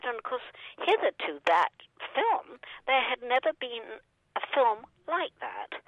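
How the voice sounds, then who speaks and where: Older woman telling a lively anecdote. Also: on the low side, no echo, lo-fi sound. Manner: rambling with frequent fillers and laughs. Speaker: guest actress. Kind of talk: anecdotal interview storytelling.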